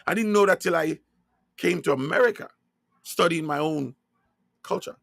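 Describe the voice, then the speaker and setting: A man's voice: fairly high pitch, normal speed, gravelly, fairly bright tone, no echo, clean studio sound. A man from Jamaica with a Jamaican accent, preaching emphatically in a livestreamed religious talk and asking rhetorical questions.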